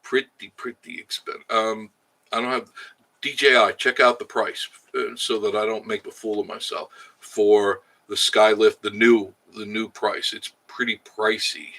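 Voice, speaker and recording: Chatty, bright-voiced man live-streaming. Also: lowish voice, steady tone, a little slow, gravelly. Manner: chatty, jokey, laughs often. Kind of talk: casual live-stream chat reading viewer comments. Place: outdoors in the Smoky Mountains.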